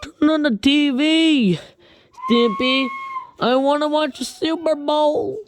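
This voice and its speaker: A woman voicing a bossy cartoon horse who calls out loudly. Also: high-pitched, slow pace, background noise, voice pushed up. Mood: calling out.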